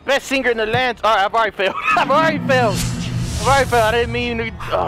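A man giving excitable let's-play commentary on a puzzle game, shouting and joking at the characters. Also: sits high, a little fast. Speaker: gaming commentator. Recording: game music behind voice.

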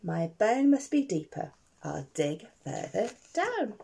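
A woman's voice: medium pitch, sing-song, slow pace, gravelly, mellow, husky, full character voice. A woman doing Digger, a cheerful hungry dog. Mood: determined. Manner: sing-song rhyming lines, apologetic and cheerful. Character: hungry, polite male pet dog digging for his bone.

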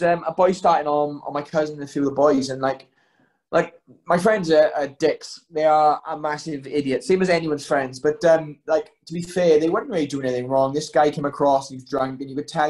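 A man's voice: on the high side, a little mellow, low-quality recording. A young man, a guest telling stories in a loose, rambling way full of fillers. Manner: rapid rambling delivery full of "um" and "like". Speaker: guest, pro fighter. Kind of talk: casual storytelling chat.

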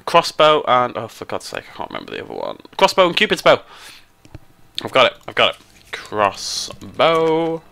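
Excitable British man, lively bright voice. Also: moderate pace, creaky. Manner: excitable, jumps into high squeals when surprised or delighted. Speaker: let's play host. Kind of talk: casual gameplay commentary.

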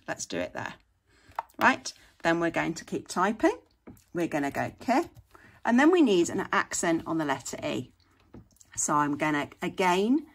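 Patient lady walking you through a tutorial, fairly low voice, lots of okays. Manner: patient, step-by-step, frequent "okay". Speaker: teacher. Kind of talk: screen-share tutorial.

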